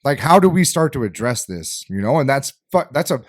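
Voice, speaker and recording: A man's voice: mid-range voice, big pitch swings, a little fast, no room sound, clean studio sound. A man co-hosting a casual podcast, emphatic and swearing freely. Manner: profane, emphatic.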